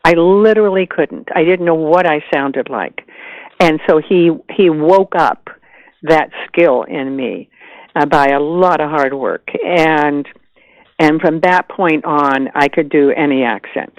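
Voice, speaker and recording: An older woman from the American South, an actress chatting as a guest in an animated way, with frequent restarts. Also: low-pitched, measured pace, dry recording, lo-fi sound. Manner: animated, chatty, laughs easily, many restarts. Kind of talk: casual interview chat.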